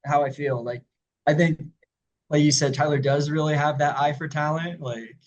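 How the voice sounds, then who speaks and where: The audio is poor as a young man, co-hosting a podcast, chats casually about music reviews. His voice is fairly high and steady at a moderate pace, and he's easygoing, often laughing and frequently saying "like."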